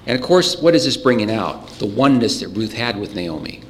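A man's voice: lowish voice, very animated, fairly quick, hardly any pauses, slight background noise. Man preaching in an echoing hall. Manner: earnest, emphatic preaching with frequent throat clearing. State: voice getting choked up. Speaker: pastor. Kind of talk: sermon.

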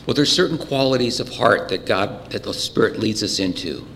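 A man preaching a sermon earnestly, clearing his throat often, his voice a little choked up. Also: lowish voice, lively intonation, normal speed, fairly bright tone, long reverb tail, slight background noise. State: voice getting choked up. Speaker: pastor.

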